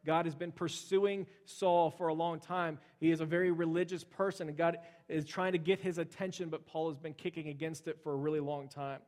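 A man's voice: fairly high pitch, little pitch movement, a little fast, few pauses, darkish tone. A man preaching a sermon in a conversational way, explaining scripture with frequent fillers like "uh" and "okay". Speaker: pastor.

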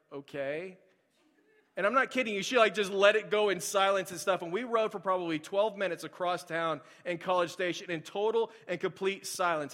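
A young man delivers a sermon at a brisk clip, talking to the room like a friend and filling it with "like"s and asides. His voice sits a little high for a man. The sound carries a long hall reverb. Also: pushed and bright. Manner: conversational, filler-heavy with many "like"s. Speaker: pastor. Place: church auditorium.

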